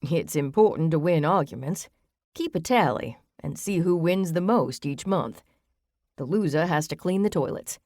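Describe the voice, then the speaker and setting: A woman's voice: sits low, animated, normal speed, a little mellow, no echo, studio quality. A woman voicing a chatty, theatrical man who loves being the center of attention, reading a list aloud to friends in an audiobook. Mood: amused.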